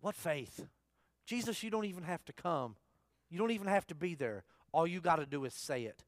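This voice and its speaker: A man's voice: fairly high pitch, expressive, moderate pace, no room sound, clean studio sound. A man preaching a sermon in a church service, talking conversationally, asking the congregation questions and repeating his key phrases. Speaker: pastor.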